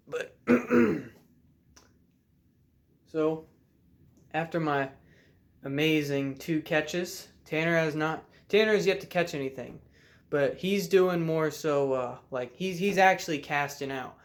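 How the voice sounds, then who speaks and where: A young man with a slightly high voice tells a fishing story to the camera in a loose, laid-back drawl. He talks from his room at home and breaks into loud shouts as he acts out the story. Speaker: vlogger telling a fishing story.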